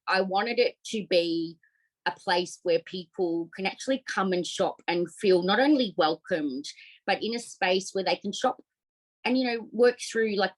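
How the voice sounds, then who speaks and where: A middle-aged Australian woman telling her story as a podcast guest, heartfelt and animated, with many fillers. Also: on the low side, poor audio. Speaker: podcast guest, op shop owner. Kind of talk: casual interview storytelling.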